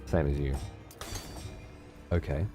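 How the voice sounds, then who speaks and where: A man's voice: rumbling low, fairly even intonation, takes it slowly, warm tone, soft background music. A man casually commentating on a strategy game while streaming, chatty and swearing freely as he mutters to himself.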